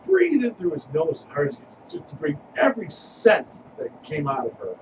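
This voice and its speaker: A man's voice: fairly high pitch, wildly swooping pitch, moderate pace. A man hosting a casual, crude radio-show chat with friends, telling joking stories. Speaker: podcast host. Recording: distant mic, noisy room.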